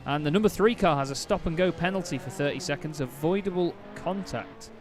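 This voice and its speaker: A man doing play-by-play commentary on a sim race, chatty and quick to correct himself, getting excited at incidents. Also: on the high side, over music.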